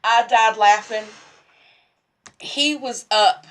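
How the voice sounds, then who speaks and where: A Texas woman who runs a sewing vlog tells a casual story, rambling and repeating herself while laughing the whole way through. Her voice is fairly high and a bit bright, and she takes it slowly with long pauses.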